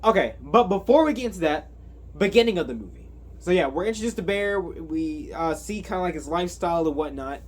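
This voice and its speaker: A man's voice: high voice, expressive, brisk. A man giving a casual movie recap, rambling with lots of fillers and self-corrections. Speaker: movie reviewer.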